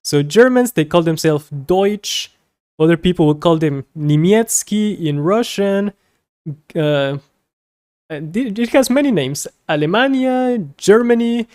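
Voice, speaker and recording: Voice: mid-range voice, lively intonation, a little slow, a little mellow, clean tone, no room sound, clean studio sound. A Spanish teacher giving a beginner lesson, saying each word several times for learners and explaining in plain terms. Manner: explains in plain terms with small personal asides.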